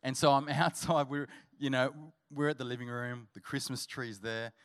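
A man preaching as a guest pastor at a church service, telling a humorous story before building to energetic exhortation. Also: medium pitch, normal speed, clean tone. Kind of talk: sermon.

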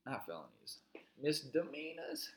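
A man's voice: a little high, sing-song, measured pace, echoey room. A man co-hosting a podcast, telling a long story in casual chat, cursing and rambling. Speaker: podcast co-host.

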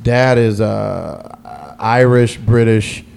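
A man's voice: lowish voice, fairly even intonation, extremely slow, creaky, a little mellow, smooth. A man being interviewed, who tells a long story about his past as a DJ. He rambles, often starts a phrase twice, and laughs easily as he goes. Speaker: guest DJ.

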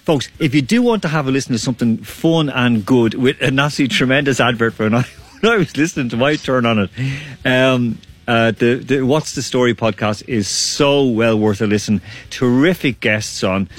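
A man's voice: mid-range voice, moderate pace, dry recording. A man hosting a casual online quiz, chatty and laughing often. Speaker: quiz host.

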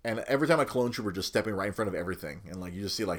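A man's voice: lowish voice, animated, rapid-fire, few pauses. A man hosting a casual podcast, rambling with many restarts and chuckles. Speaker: podcast host.

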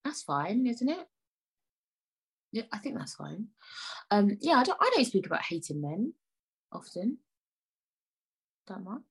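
This young woman's medium-pitched voice is gravelly with a breathy edge. Hosting her own podcast, she chats in a loose, rambling, playfully indignant way, with the odd near-whispered aside.

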